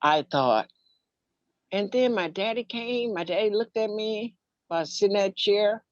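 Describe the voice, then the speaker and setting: Speaking at a normal speed in a mid-range voice, a woman who is a minister and guest storyteller shares a personal story. She plays out childhood conversations and breaks into a playground rhyme. The sound is dull, dry and muffled, with no echo.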